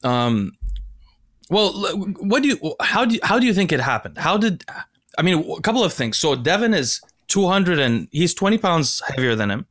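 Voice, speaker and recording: Excitable man hosting a casual chat. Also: on the high side, moderate pace. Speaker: podcast host. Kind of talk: casual conversation.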